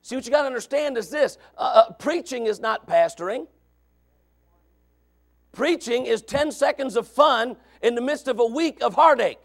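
A man preaching a sermon in a conversational way, moving from quiet asides to shouted points. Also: extremely high pitch, animated, moderate pace, creaky. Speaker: pastor.

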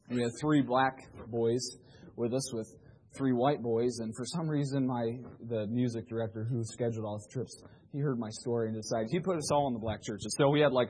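A man's voice: mid-range voice, darkish tone, a little hiss or hum, low-quality recording. A man preaching a sermon, telling a story with humor and animation.

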